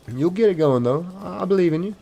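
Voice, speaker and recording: A man's voice: sits high, expressive, fast talker, creaky, warm tone, muffled recording, soft background music. A man streaming a game live, chatting casually and reading viewer comments aloud.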